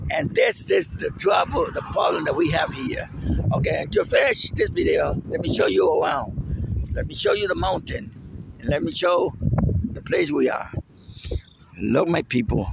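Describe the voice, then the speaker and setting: A Puerto Rican man, a native Spanish speaker, vents in an outdoor vlog, repeating and shouting his points with real indignation. His voice sits high and gravelly. Loud background noise from the roadside fills the recording. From Puerto Rico. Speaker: vlogger. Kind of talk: angry outdoor vlog rant.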